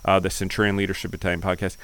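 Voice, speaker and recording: Deep, smooth-voiced podcast host. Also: male voice, monotone, very fast, a bit bright, low-quality recording. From United States. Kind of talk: interview hosting.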